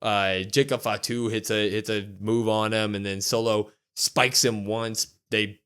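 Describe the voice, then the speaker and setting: A man co-hosting a podcast, excitedly retelling a show and acting out the quotes. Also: lowish voice, unhurried, smooth. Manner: animated storytelling, acts out quotes with loud whoops. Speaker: wrestling podcast co-host. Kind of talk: excited casual recap.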